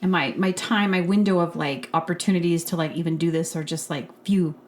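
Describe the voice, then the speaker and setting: A woman's voice: lowish voice, a little fast, a little hiss or hum. A woman hosting a podcast, telling a rambling story full of fillers and acting out the people in it. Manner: chatty, filler-heavy with lots of "like"; animated, acts out quoted people. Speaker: podcast host.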